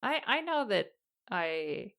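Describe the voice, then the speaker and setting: A woman's voice: medium pitch, big pitch swings, takes it slowly, fairly bright tone. A woman playing a tabletop game, talking in character in a hesitant, rambling way. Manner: hesitant and rambling, many fillers. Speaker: player. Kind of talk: casual in-character tabletop play.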